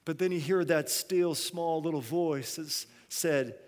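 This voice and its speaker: A high-pitched man preaches in a long-echoing hall. He drops to hushed phrases and then climbs to loud, pressing ones. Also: unhurried. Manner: preaching with swings between quiet and loud. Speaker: pastor. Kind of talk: sermon.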